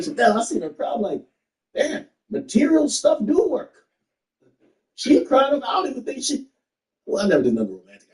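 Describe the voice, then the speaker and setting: A man streaming from home, chatting casually to his viewers as he plays. His voice sits high and swings all over the place while he laughs and reads messages aloud. The room around him sounds echoey. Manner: animated, laughing, reading messages aloud to chat.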